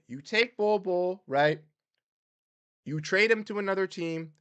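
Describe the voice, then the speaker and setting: A man hosting a sports livestream, ranting heatedly and swinging between loud outbursts and muttered exasperation. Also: sits high, a little slow, smooth, dry recording. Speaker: sports podcast host. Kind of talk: livestream rant.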